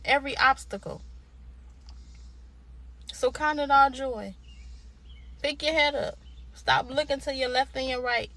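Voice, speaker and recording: Emphatic, high-voiced woman giving an inspirational talk. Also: pushed and bright. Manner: emphatic, repetitive, preacher-like exhortation; informal, colloquial. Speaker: motivational speaker. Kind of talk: inspirational direct-to-camera talk.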